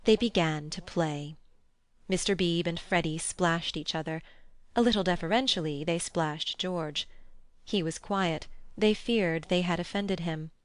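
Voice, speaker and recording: A woman narrating a classic novel as an audiobook, with a measured, expressive reading on a close studio mic. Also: on the low side, dry recording. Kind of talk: scripted narration.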